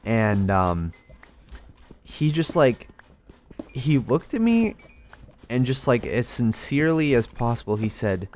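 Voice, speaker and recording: Very animated yet slow, with long pauses, this young man's medium-pitched voice has a darkish tone against slight background noise. A gaming creator, he rambles through a casual story while he plays, sounding unsure of himself and poking fun at himself.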